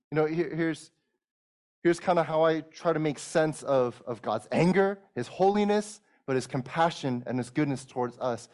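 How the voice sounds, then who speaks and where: A man's voice: on the high side, darkish tone. A man in his thirties, a pastor preaching a sermon in an earnest way, often restarting and repeating words as he explains.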